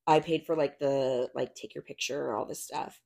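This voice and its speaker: A woman's voice: extremely low pitch, moderate pace, vocal fry. A woman, a podcast guest telling a story in casual chat, full of "like" and "um" fillers. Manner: chatty, many "like" and "um" fillers, animated retellings. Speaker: podcast guest, retired roller derby skater.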